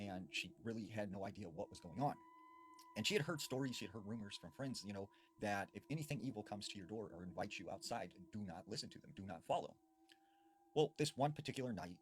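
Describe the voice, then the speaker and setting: A man's voice: fairly low pitch, a little hiss or hum. A man narrating a spooky story in a conversational way, with casual fillers. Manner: conversational, animated, with fillers like "you know". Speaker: horror storyteller. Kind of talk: spoken horror story narration.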